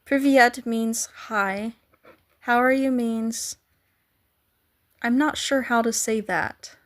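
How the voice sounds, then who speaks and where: A slightly high-voiced woman chats with her live viewers in an easy, unhurried way. She giggles often and playfully sounds out foreign words, asking whether she got them right. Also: fairly even intonation. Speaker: live streamer. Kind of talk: casual chat with live viewers.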